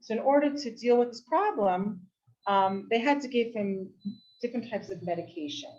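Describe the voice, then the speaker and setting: A woman giving a live Torah talk, telling a story with lively delivery. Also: fairly high pitch, moderate pace. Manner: animated storytelling, rises to shouting for quoted outbursts. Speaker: teacher giving a weekly talk. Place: women's study hall in a community center. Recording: dull lo-fi live recording.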